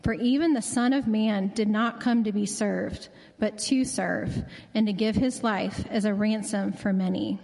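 A woman reading a scripture passage aloud in church, measured and clear. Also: medium pitch, a little mellow. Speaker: scripture reader. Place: church sanctuary. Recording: long reverb of a large hall.

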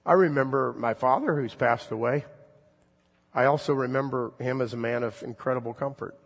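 A man in his fifties, a pastor giving an earnest, gentle sermon with slow, drawn-out emphasis and a husky voice. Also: mid-range voice, big-room sound.

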